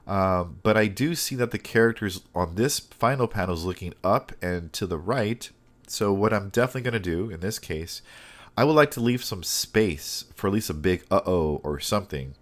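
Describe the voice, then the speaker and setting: A man teaching a step-by-step digital comic drawing lesson, thinking aloud with frequent pauses and restarts. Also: sits low, expressive. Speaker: comic art instructor.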